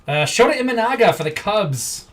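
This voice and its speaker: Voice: medium pitch, lively intonation, normal speed, far from the mic. Chatty card-break host from Wisconsin. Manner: chatty, rambling, easily amused. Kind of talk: live-stream casual chat. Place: indoor room.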